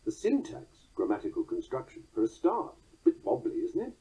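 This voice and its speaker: A man's voice: medium pitch, huge pitch swings, dark tone, breathy edge. Wry man reading on poetry, dull lo-fi. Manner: dry, wry, precise; recites quoted verse slowly. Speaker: narrator reading a book on poetry. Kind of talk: reading aloud a book on verse. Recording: dull lo-fi sound.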